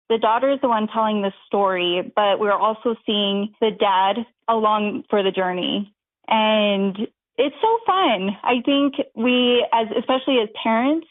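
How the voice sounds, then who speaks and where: A woman in her thirties, appearing as an author guest in a casual interview, chats in a bubbly way and laughs often. Her medium-pitched voice comes over a tinny phone line with no room sound.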